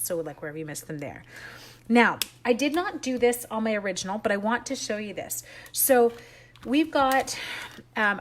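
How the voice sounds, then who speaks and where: A woman's voice: mid-range voice, a little hiss or hum. A woman from Canada chatting her way through a card-making tutorial, talking as she works and poking fun at her own mistakes. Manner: chatty, self-deprecating, talks while working with her hands. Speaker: stamping and card-making demonstrator. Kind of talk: casual crafting tutorial.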